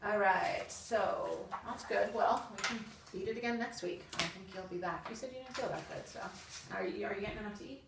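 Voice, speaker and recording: A woman's voice: medium pitch, fairly quick, gravelly. A woman tutoring a student in reading, patient and encouraging, with casual fillers. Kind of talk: one-on-one reading lesson. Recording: roomy, distant mic with background noise.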